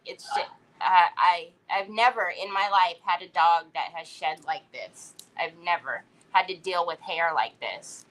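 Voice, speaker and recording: A woman's voice: on the low side, measured pace, a bit bright, low-quality recording. A middle-aged woman hosting a craft livestream, chatting casually from a parked car and telling a story while greeting viewers by name.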